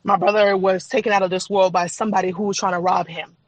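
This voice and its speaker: A woman's voice: medium pitch, fairly even intonation, fast, dry recording. A woman guest on a podcast, telling her personal faith testimony in an emphatic, repetitive, testifying way.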